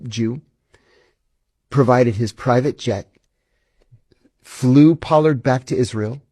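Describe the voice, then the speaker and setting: In a conversational interview, a guest who was once an intelligence officer shares animated stories, performing the lines of dialogue he recounts. He has a darkish, mid-range voice, recorded with no echo.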